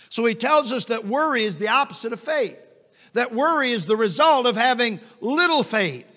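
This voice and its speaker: A middle-aged man preaching a sermon as an evangelist, telling folksy stories and rising to loud, emphatic peaks. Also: high voice. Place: church sanctuary. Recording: long church reverb.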